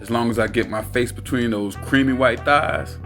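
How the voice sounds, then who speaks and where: A man voicing a cocky, teasing, smooth-talking womanizer in an audiobook. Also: medium pitch, normal speed, a bit bright, faint music behind. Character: smooth-talking womanizing male friend, adult, brash.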